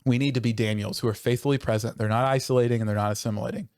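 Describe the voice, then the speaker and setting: A man's voice: mid-range voice, steady tone, a little mellow, smooth, dry recording, clean studio sound. A man, a pastor, talking earnestly and passionately in a conversational church podcast, often restarting his sentences. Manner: earnest and passionate, quickening when stirred, with self-interrupting restarts.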